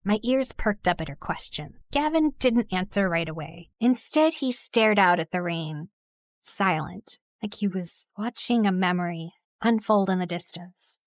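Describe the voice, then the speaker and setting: A woman's voice: mid-range voice, animated, unhurried, dry recording, clean studio sound. A young woman narrating her own story in the first person, dramatic and sassy, jumping between asides and exclamations. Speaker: narrator and lead character.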